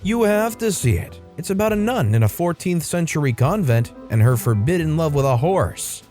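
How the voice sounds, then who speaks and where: A man voicing a mischievous young man who talks in a deliberately embellished foreign accent, gushing in mock seriousness. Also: a little high, sing-song, mellow, faint music behind, voice pushed up. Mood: mock-reverent.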